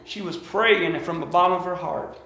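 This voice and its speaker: A man's voice: high voice, normal speed, sharp tone, roomy sound. A man preaching a sermon with emphatic repetition and calls to the congregation. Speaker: pastor. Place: church sanctuary.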